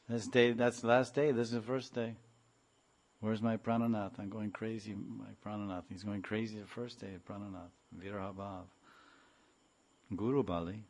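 A man's voice: on the low side, steady tone. A man giving a devotional scripture lecture, chanting mantras and singing verses before explaining them. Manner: sings verses, then explains them slowly. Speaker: spiritual teacher.

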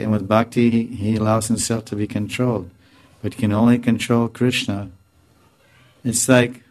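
A man speaking as a spiritual teacher, answering a question in a relaxed, conversational discourse and often stopping to correct himself. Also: on the low side. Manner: conversational, self-correcting, chuckling now and then.

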